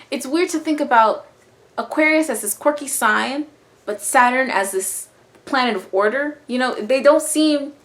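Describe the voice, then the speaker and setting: Playful, slangy young woman explaining astrology. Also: on the high side. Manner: animated, slangy, playful, breaks into quoted voices and laughs. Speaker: astrology vlogger. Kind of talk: casual explainer monologue.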